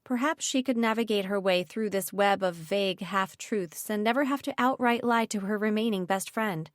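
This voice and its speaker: A woman narrating a young-adult fantasy audiobook in a measured, even storytelling manner. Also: mid-range voice, no echo, clean studio sound. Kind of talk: scripted narration.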